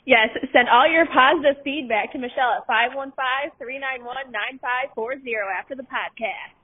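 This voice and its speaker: A woman's voice: high-pitched, normal speed, husky. Young woman, tinny phone-like line. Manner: laughing, playful, teasing. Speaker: podcast co-host. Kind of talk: casual storytelling chat.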